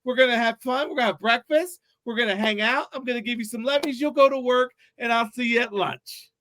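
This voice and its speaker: A man's voice: very high voice, a little fast, bright, forceful tone, pitched above the performer's own voice. A man voicing a big, needy female Doberman. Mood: eager. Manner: sweet, chatty, eager.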